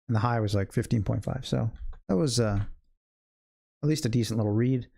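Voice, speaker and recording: A man walks viewers through the markets as he trades live. His pitch sits in the middle, and his sentences are loose and conversational as he reasons out loud. He often turns to address people watching in the chat. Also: brisk, gravelly, pauses often. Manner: thinks aloud in loose, chatty sentences; talks directly to chat viewers. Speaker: day trading educator and livestream host. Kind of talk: live trading commentary.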